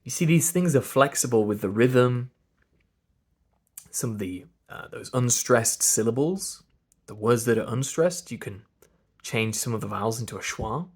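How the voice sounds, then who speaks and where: A man with an English RP accent gives a slow pronunciation lesson, drilling sounds one at a time and explaining each. His mid-range voice is expressive and a little mellow, and he speaks at a moderate pace.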